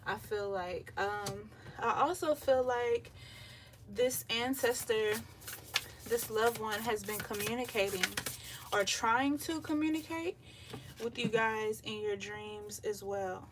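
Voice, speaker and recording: Slow, breathless woman reading tarot. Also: fairly high pitch. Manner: relaxed, chatty, many filler ums. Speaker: tarot reader. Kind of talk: live tarot reading to viewers. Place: home by the beach, windows open. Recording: voice a bit far from the mic, faint surf noise. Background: faint beach waves.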